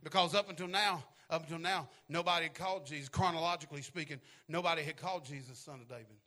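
A male preacher with a high, bright, forceful voice. He preaches in repeating phrases, swelling into shouted, half-sung climaxes and dropping to a hush in between. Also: quick pace. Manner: drops to a hushed, quiet voice at times. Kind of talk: sermon.

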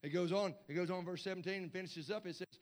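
Man, pastor, sermon, high voice, hollering with repeats. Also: fairly even intonation, quick pace. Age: middle-aged or older. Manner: building to shouted, hollering preaching with stammered repeats.

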